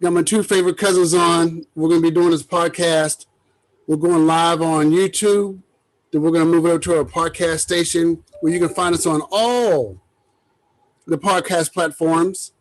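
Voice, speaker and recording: Chatty high-voiced man hosting a podcast. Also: steady tone, moderate pace, rough recording. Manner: loose, chatty, rambling with fillers. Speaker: podcast host. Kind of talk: casual chat.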